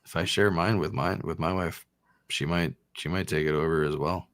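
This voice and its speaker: A man's voice: very deep voice, fairly even intonation, moderate pace, fairly bright tone, no room sound, clean studio sound. A married man co-hosting a casual podcast chat, telling stories animatedly and swearing casually. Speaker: podcast co-host.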